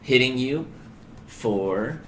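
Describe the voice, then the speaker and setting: A man's voice: medium pitch, expressive, extremely slow, echoey room, heavy background noise. A man narrating and explaining rules as dungeon master of a tabletop game. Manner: casual, explains rules at length.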